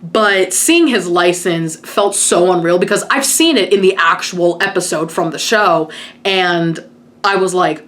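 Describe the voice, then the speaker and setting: A woman's voice: fairly low pitch, a little slow, fairly bright tone. Chatty woman telling a story. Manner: chatty, full of "like" and quoted retellings. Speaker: vlogger telling a personal story. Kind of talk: casual storytelling to camera.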